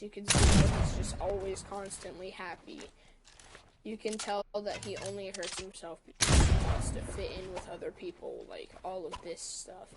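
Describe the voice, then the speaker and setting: Woman streamer with a mid-pitched voice, chatty storyteller who quotes every message fast. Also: background noise. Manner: retells text arguments quickly, quoting both sides. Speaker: livestream host. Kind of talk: casual storytelling on a livestream.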